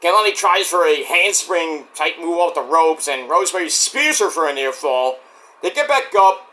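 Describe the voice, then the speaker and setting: A man giving a casual solo review of a wrestling show, excitable and profane, breaking into rants. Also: fairly high pitch, normal speed.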